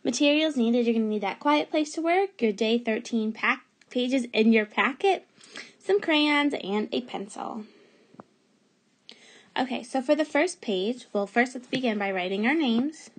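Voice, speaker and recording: A woman's voice: on the high side, unhurried. A woman teacher giving a remote phonics lesson to young children, patiently sounding out letters and words.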